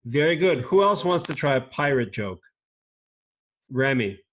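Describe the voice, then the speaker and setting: A man teaching a children's class over a video call, patient and encouraging, speaking slowly and clearly. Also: mid-range voice, sing-song, fairly bright tone.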